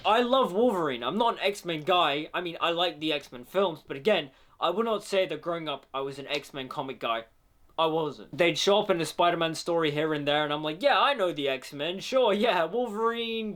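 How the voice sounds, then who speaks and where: A young man talking casually and opinionatedly in his review vlog. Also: a little high. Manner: chatty, opinionated, animated. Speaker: video reviewer.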